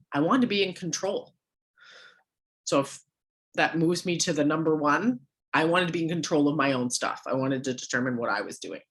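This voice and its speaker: A woman with a hoarse, worn-out voice giving a motivational coaching talk to a sales team, firing off rhetorical questions at her listeners. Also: sits low, fairly bright tone.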